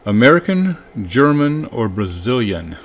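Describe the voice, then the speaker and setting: A man's voice: medium pitch, big pitch swings. Dry, teasing man reading out trivia. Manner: dry and teasing, reads out names quickly. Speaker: co-host reading viewer comments and trivia. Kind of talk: casual live-show banter.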